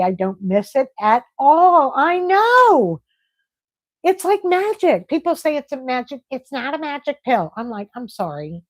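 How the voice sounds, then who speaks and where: A middle-aged woman hosting a casual live stream, chatting and reading viewer comments aloud in an animated way. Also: on the high side, dry recording, rough recording. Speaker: livestream host.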